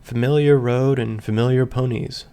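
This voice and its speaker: A man with a gravelly voice reading a first-person story aloud in an earnest, emotional way. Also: medium pitch, fairly even intonation, moderate pace, dark tone. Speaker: reader. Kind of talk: scripted fan fiction narration.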